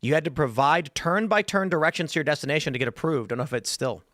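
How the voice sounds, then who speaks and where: A man hosts a podcast, reading viewer comments aloud between casual asides and laughs. His voice sits fairly high and sounds animated. The sound is dry and close. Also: quick pace, dry recording. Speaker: podcast host.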